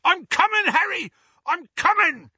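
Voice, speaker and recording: A man voicing a huge, rough-spoken half-giant male gamekeeper in an audiobook, yelling over engine noise. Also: very high-pitched, animated, unhurried, dry recording, dull audio, voice pushed up, exaggerated voice. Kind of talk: audiobook character voice.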